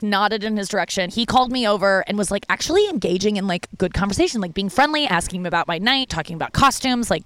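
Candid, profane woman comedian telling stories. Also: dry recording. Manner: candid, profane, heavy use of "like" fillers; animated when quoting people, with big pitch jumps. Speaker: stand-up comedian. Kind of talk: casual storytelling monologue.

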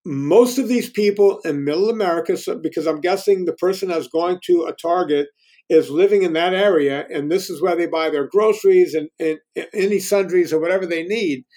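A man's voice: sits high, brisk, warm tone. A man in his fifties, a guest telling stories in casual conversation, candid and self-deprecating, often restarting his sentences. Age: 50s.

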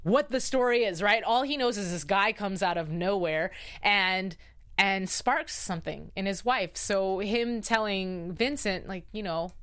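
A woman's voice: mid-range voice, very animated, moderate pace, fairly bright tone. A woman hosting a casual live recap of a TV episode, chatty and emphatic as she reacts openly to the story. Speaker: TV show recap host.

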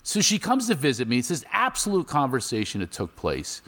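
A man's voice: mid-range voice, brisk. A man, a comedian from Philadelphia, chatting casually in an interview and acting out anecdotes. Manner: animated storyteller, acts out voices in anecdotes. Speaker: comedian guest. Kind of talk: casual interview chat with storytelling.

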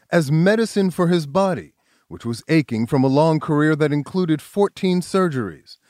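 News host voice-over: man, slightly high voice, measured and even, dry close recording. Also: dry recording. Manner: measured, even reporter delivery. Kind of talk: scripted news narration.

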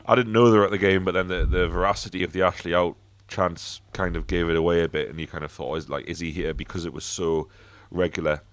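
A man hosts a casual football podcast in a deep, low voice. He talks bluntly, swears freely and stumbles through fillers and restarts. The sound is dry and close, with no room echo. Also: fairly even intonation, fast, few pauses. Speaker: podcast host.

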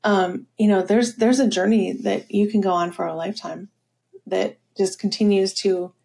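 A woman's voice: mid-range voice, fairly even intonation, moderate pace, creaky, dark tone. A woman leadership coach telling stories in a podcast interview, with many fillers like "you know" and "um".

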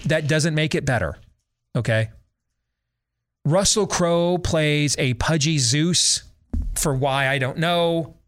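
A man's voice: fairly high pitch, a bit bright. A middle-aged man hosting a talk show, giving a sarcastic, exasperated and emphatic rant about a film. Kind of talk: opinionated movie-review rant.

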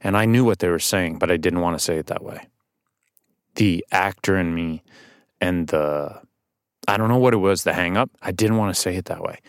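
A man guesting on a podcast as an actor, telling stories casually in a studio, animated and swearing now and then. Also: deep voice, normal speed, no echo. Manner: animated storytelling with restarts and swearing.

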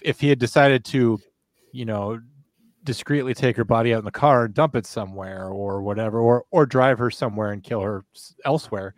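A man at a middle pitch, talking through a criminal case with his co-host. He rambles and restarts as he thinks aloud. The sound is dry and close, with no room around him. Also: a little mellow, no echo. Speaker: podcast co-host. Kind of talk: casual true crime discussion.

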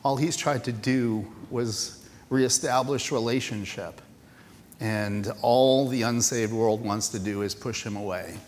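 A male pastor giving a casual, self-deprecating sermon with many pauses and restarts. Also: medium pitch, darkish tone, slight background noise. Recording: reverberant church hall.

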